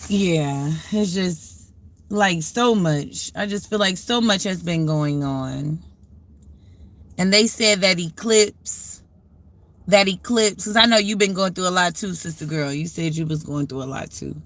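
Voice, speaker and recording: A woman's voice: fairly low pitch, unhurried. A woman hosting a casual livestream, talking reflectively and answering her viewers' comments as she goes. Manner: conversational, reflective, talks back to viewer comments. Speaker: livestream host.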